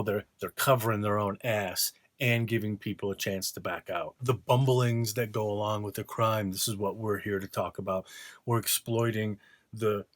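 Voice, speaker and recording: In a dry recording, a man with a lowish voice vlogs from his art studio. The artist rants casually, sarcastic and profane, mocking as he goes.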